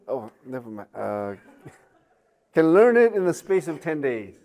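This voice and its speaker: Male lecturer, slightly high voice, slow and chatty, joking asides, lots of "okay?" and "right?". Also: big pitch swings, darkish tone. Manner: chatty, joking asides, many fillers and tag questions. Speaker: university lecturer. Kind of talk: recorded online lecture.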